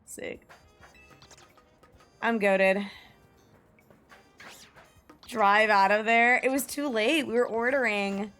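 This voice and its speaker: A woman's voice: fairly high pitch, steady tone, slow pace, long pauses, fairly bright tone, faint music behind. A young woman streaming a game, chatting casually with her viewers, telling stories with lots of giggles and reading chat aloud.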